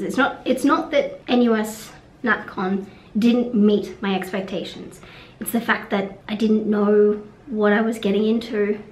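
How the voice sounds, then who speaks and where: Rambling young woman, echoey room. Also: on the high side. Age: young adult. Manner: rambling, frank, swears, trails off. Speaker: vlogger. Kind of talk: casual vlog monologue. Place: room at a conference venue.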